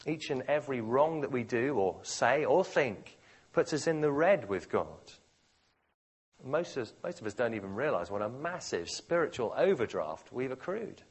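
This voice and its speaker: A man preaching a sermon, dramatically shifting between quiet, slow phrases and loud, forceful ones. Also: mid-range voice, big pitch swings, breathy edge.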